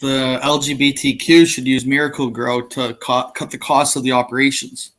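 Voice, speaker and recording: A man cutting into casual podcast banter with quick, teasing remarks. His voice sits in an ordinary middle range. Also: medium pitch, little pitch movement, fairly bright tone.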